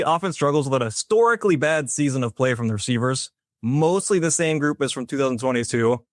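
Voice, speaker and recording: A man's voice: on the high side, no echo. A man co-hosting a sports podcast, laying out an argument in a dry, methodical way. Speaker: podcast co-host. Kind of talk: sports opinion monologue.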